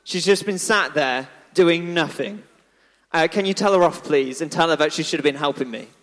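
Frantic fussing hostess, played by a man, high and flustered, hall reverb. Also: a bit bright, natural voice. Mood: aggrieved. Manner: shrill panicky rapid-fire questions. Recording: echoey hall.

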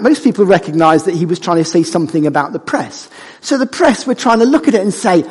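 A man preaching a sermon, conversational and animated, joking with the congregation. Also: sits high, a little fast, slightly rough. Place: church hall. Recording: church hall with long reverb.

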